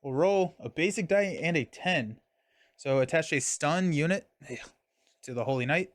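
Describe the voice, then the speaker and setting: A man's voice: on the high side, animated, moderate pace, dry recording. A young man casually streaming a card game, talking through his moves and chatting with viewers. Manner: chatty, reads chat and thanks viewers mid-game.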